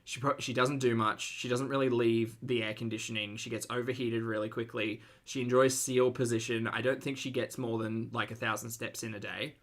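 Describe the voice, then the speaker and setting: A man talks through a live stream in a loose, blunt way, with plenty of fillers and the odd swear word. His voice is bright and forward, sitting at an ordinary middle pitch. He breaks off now and then to greet viewers and read out their questions. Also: level tone, brisk, hardly any pauses. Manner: blunt, swearing, filler-heavy, reads viewer chat aloud. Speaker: commentary streamer. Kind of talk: casual live-stream commentary.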